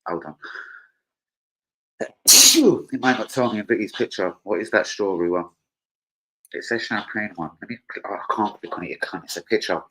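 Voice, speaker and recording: A man's voice: lowish voice, very animated, moderate pace, pauses often, bright, forceful tone, rough recording. A man hosting a live stream, chatting casually in a rambling, slang-heavy way and swearing freely. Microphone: streaming setup mic.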